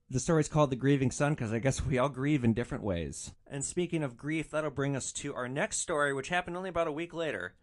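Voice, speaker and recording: A man hosting a podcast, telling rideshare stories in an animated, exasperated and wry monologue. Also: medium pitch. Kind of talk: storytelling monologue.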